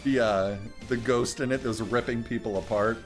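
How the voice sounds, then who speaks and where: A man's voice: mid-range voice, steady tone, normal speed, soft background music. A man co-hosting a casual comedy news chat, reading headlines aloud and laughing often. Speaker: podcast co-host reading news stories.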